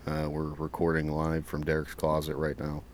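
A man's voice: extremely low pitch, monotone, moderate pace. A man hosting a casual podcast from his closet, telling rambling stories and swearing freely. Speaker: podcast host.

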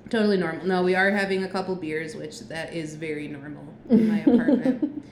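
A woman's voice: on the low side, brisk, a little hiss or hum. A woman co-hosting a casual podcast at home, chatty, laughing often and trailing off with fillers. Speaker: podcast co-host. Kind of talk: casual chat. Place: apartment room. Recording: echoey room, faint ambience.

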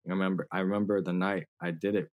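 A man with a lowish voice tells his story in a casual interview. He laughs a lot and uses plenty of slang and filler words. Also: steady tone, fast talker. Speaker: guest musician.

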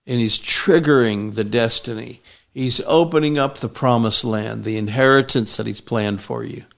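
A man preaching a sermon, rising loud and emphatic on key lines. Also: medium pitch, normal speed, vocal fry.

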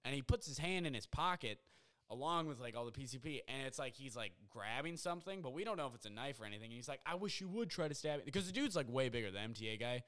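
A young man hosting a podcast alone from his apartment, telling a story in a rambling, excitable way full of fillers. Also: medium pitch, fast, clean tone. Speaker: podcast host. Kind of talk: casual storytelling monologue. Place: apartment at home.

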